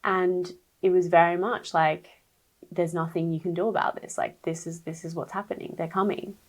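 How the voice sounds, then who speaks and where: A woman's voice: fairly low pitch, little pitch movement, moderate pace, low-quality recording. A young woman guest on a podcast telling her birth story, candid and emotional, full of fillers and quoted speech. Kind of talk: personal storytelling in an interview.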